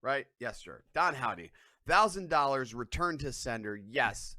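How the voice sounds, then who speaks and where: A man's voice: medium pitch, animated, a little slow, sharp tone, dry recording, studio quality. A man hosting a casual live stream, rambling in a profane, irreverent way from his couch at home. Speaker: livestream host.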